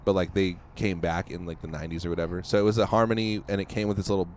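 A man's voice: deep voice, little pitch movement, racing, slight background noise. A man cohosting a podcast, rambling casually and laughing easily. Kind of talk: casual chat.

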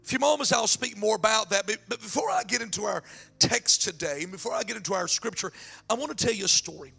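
A man preaching a sermon and telling a story, excitable and repeating words as he builds up, his throat strained. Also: high-pitched, quick pace, gravelly, breathy edge, faint music behind. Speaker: pastor.

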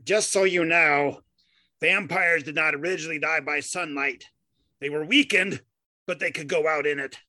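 A drawn-out, mock-spooky know-it-all lectures with a raised, preachy voice, as a man puts it on. Every word is stretched out slowly. The recording is close and dry. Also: on the high side, fairly even intonation, bright, forceful tone, dry recording, voice pushed up.

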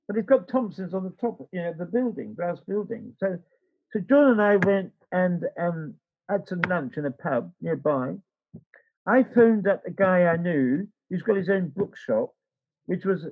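Man, author, high husky voice, rambling anecdote, dull lo-fi recording. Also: lively intonation, normal speed. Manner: rambling, acts out quoted dialogue. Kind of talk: anecdotal storytelling.

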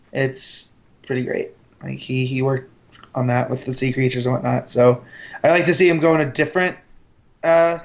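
American male co-host, somewhat high voice, hesitant delivery; slightly muffled recording. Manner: hesitant, halting, many fillers. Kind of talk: casual comic book review chat. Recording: slightly dull, lo-fi sound.

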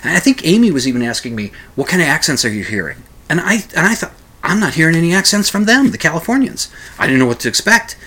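A man's voice: a little high, very animated, fast, pushed and bright, slightly rough. A man from Minnesota telling a long casual story, rambling with many restarts and fillers and a wry, self-deprecating humor.

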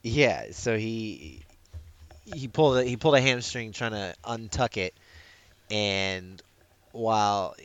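A man co-hosting a podcast in casual chat, animated, laughing and often restarting his sentences. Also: fairly low pitch, slow pace, smooth, no echo. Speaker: podcast co-host.

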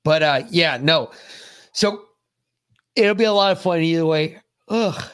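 A man's voice: on the high side, a little slow, a bit bright, clear, resonant tone, no room sound, studio quality. A man hosting a podcast in casual chat, rambling and profane as he tells stories. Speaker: podcast host.

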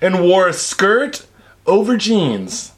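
High-voiced man reading news, joking. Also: big pitch swings, slow pace. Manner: chatty, joking, mixes news reading with crude tangents. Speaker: podcast host. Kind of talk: casual chat, reading news stories.

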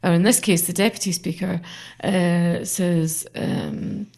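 In a casual interview, a woman who is a member of parliament tells anecdotes animatedly, imitating other people's voices. Her lowish, darkish voice carries vocal fry, fairly even intonation, and a slow pace.

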